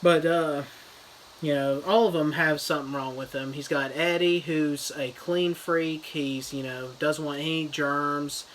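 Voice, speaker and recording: A man's voice: on the high side, steady tone, measured pace, fairly bright tone, slight background noise, low-quality recording. Rambling man retelling a story. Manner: loose, filler-heavy storytelling. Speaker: comedy reviewer. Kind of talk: rambling mock book retelling.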